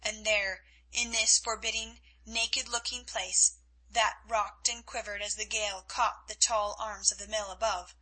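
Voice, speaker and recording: Bright, breathy woman narrating. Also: medium pitch, flat delivery, a little slow, poor audio. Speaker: audiobook reader. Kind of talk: scripted narration.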